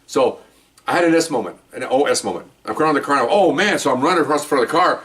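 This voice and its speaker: A man's voice: mid-range voice, lively intonation, quick pace, fairly bright tone, distant mic. An older man, a retired police officer, casually telling a story from the job, acting out scenes with sudden yelps and laughter.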